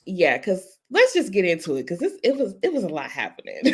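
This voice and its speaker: Mom on a podcast, laughs a lot, tells stories all animated. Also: female voice, mid-range voice, brisk, slightly rough. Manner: animated storytelling, laughs often. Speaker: podcast co-host. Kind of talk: casual chat.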